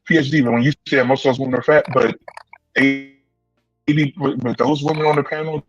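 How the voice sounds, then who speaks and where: A man's voice: medium pitch, steady tone, fairly quick, faint music behind, poor audio. Pressing man on a debate panel. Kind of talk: casual debate chat.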